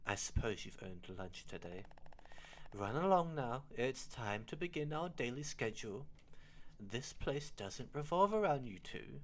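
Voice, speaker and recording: A man's voice: medium pitch, sing-song, unhurried. A man voicing a stern woman caretaker who speaks curtly and dismissively. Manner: curt and dismissive.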